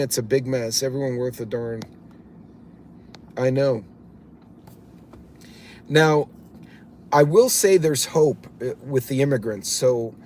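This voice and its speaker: A man's voice: medium pitch, darkish tone, a little hiss or hum. A man hosting a live stream, rambling bluntly in casual commentary, swearing offhand and greeting viewers by name as he goes. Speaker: livestream host reading chat.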